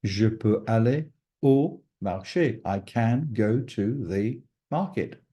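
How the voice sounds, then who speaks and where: A man's voice: lowish voice, animated, takes it slowly, dark tone. A man teaching a French lesson, patiently explaining verbs and repeating each conjugation. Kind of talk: recorded language lesson.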